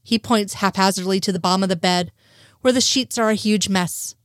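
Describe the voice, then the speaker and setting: Story reader, woman, mid pitch, dry recording, steady telling. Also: fairly quick, no room sound. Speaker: narrator. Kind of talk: reading fan fiction aloud.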